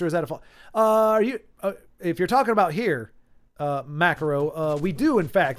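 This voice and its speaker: A man's voice: a little high, a little fast, soft background music. A man in his forties chatting casually on a live game stream, often stumbling over his words and restarting sentences as he answers viewers. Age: 40s. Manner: stammering restarts, reads viewer chat aloud. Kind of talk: casual live-stream chat while playing.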